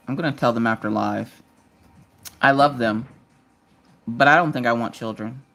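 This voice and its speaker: A woman's voice: a bass voice, normal speed, long pauses, fairly bright tone, faint music behind. A woman in her thirties hosting a casual live stream, telling stories while she crafts and acting out quotes in different voices. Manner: chatty storytelling, acts out quotes in character voices; talks while working on a craft project.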